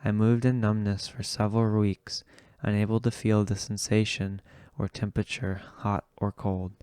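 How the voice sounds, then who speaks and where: A man narrates an audiobook in a slow, measured way. His low voice stays smooth and even, and the recording is dry and close. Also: dry recording. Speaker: audiobook reader.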